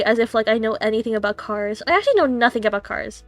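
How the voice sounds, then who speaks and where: A woman's voice: fairly high pitch, lively intonation, quick pace, dry recording, soft background music. Giggly, congested young woman streamer. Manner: giggly, chatty asides between read lines. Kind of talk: game stream, reading the story aloud.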